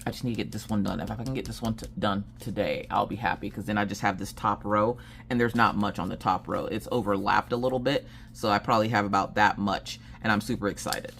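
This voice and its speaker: A woman's voice: extremely low pitch, steady tone, fast talker, creaky, fairly bright tone, a little hiss or hum. A woman crafting on camera and chatting casually, rambling through a story and acting out what everyone said. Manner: rambling storyteller who acts out quoted dialogue. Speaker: crafting vlogger and streamer. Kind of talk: casual chat while crafting.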